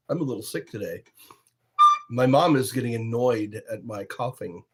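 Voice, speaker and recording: A man's voice: medium pitch, moderate pace, darkish tone, soft background music. A man hosting a livestream, chatting casually and drifting from topic to topic with chuckles. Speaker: livestream host. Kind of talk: rambling casual livestream chat.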